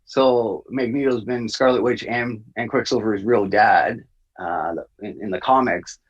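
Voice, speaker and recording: A man's voice: fairly low pitch, a little slow, husky, dull audio. Rambling man in a casual review chat. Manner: rambling, lots of fillers and restarts. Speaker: podcast co-host.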